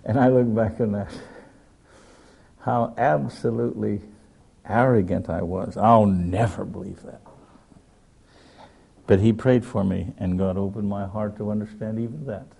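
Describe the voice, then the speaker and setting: A man's voice: fairly low pitch, moderate pace, gravelly, warm tone, husky. An older man preaching a sermon, telling stories in an earnest, direct way. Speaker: pastor.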